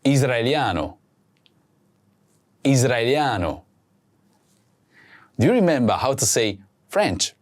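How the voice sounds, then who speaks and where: A man hosting a language lesson, speaking slowly and clearly and saying each word twice for practice. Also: medium pitch, big pitch swings. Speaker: language teacher host. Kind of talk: slow scripted lesson with repeat-after-me drills.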